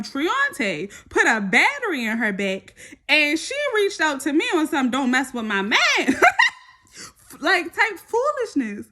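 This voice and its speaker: A young woman, telling a story in a sassy, animated vlog style. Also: high voice.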